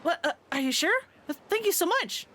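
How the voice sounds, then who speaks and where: A woman's voice: extremely high pitch, expressive, brisk, pushed and bright, slight background noise, pitched above the performer's own voice, heavily acted. A woman voicing a polite, timid teenage girl idol, hesitant and apologetic, reading game dialogue aloud on a stream. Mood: meek.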